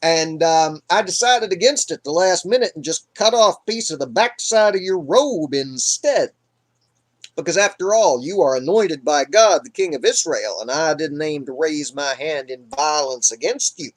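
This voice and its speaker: A man's voice: fairly high pitch, animated, normal speed. A man voicing a casual, folksy young man explaining himself in a retold story.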